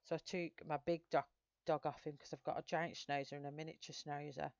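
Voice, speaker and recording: A woman's voice: sits low, little pitch movement, brisk, vocal fry, a little mellow, dry recording, muffled recording. A middle-aged woman chatting casually with viewers while she colours live, rambling from one story to the next. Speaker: colouring channel host.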